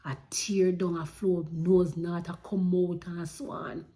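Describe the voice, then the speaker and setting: A woman's voice: on the low side, level tone, measured pace, warm tone. A woman with a Jamaican accent earnestly recounting a personal story, with emotion and Patois-flavoured speech.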